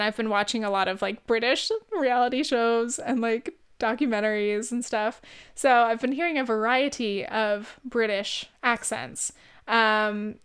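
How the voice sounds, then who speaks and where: A woman's voice: on the high side, fairly bright tone, clear, resonant tone. Rambling, swearing young Californian woman. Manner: rambling, swears freely, laughs often. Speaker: vlog host. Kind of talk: casual chat. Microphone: very close to the mic.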